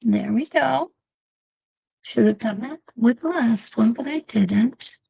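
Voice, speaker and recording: A woman's voice: a little high, takes it slowly, vocal fry, warm tone, breathy edge, lo-fi sound. A middle-aged woman teaching a quilting demo to online viewers, chatty and talking to them as she works, with a laugh now and then. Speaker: quilting instructor. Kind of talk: live-streamed quilting demo.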